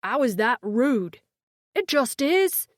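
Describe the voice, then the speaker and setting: A woman's voice: sits high, big pitch swings, slow, no room sound, studio quality, exaggerated voice. A woman voicing a small, eager male alien creature with a scratchy voice in an audiobook. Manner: eager and blunt. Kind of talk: audiobook character voice.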